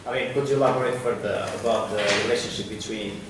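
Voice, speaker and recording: A man asking a question from the audience in a university lecture hall, speaking in a halting, hesitant way. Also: mid-range voice, steady tone. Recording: echoey hall, noisy, far from mic.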